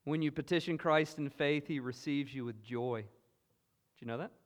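A man with a Southern US accent preaching a sermon, earnest and emphatic, moving between loud exclamations and hushed asides. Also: on the high side, moderate pace. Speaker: pastor. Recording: long hall reverb.

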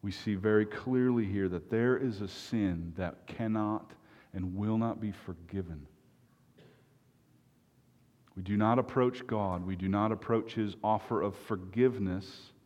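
A man preaching a sermon, earnest and emphatic, with long pauses. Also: fairly low pitch, darkish tone, big-room sound.

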